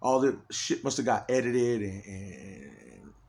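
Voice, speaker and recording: A man's voice: on the low side, very animated, slow, gravelly, a little mellow. A man in an agitated, rambling personal monologue, swearing heavily and restarting his sentences often.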